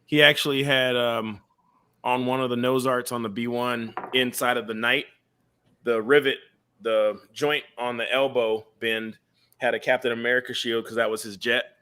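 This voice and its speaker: Animated, laughing man telling stories. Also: medium pitch, moderate pace, smooth. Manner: animated storyteller, laughs often, swears. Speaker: podcast host. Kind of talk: casual chat.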